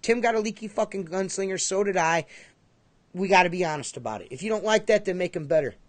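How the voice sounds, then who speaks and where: High-voiced, profane podcast host. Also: male voice, expressive, fast, no echo. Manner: profane, rambling, emphatic. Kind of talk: casual livestream chat.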